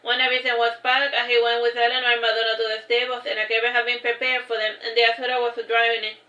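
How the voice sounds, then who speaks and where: A woman's voice: a little high, little pitch movement, fast talker, sharp tone. A woman reading her own novel aloud on a livestream, adding casual asides between passages. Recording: roomy, dull lo-fi stream audio.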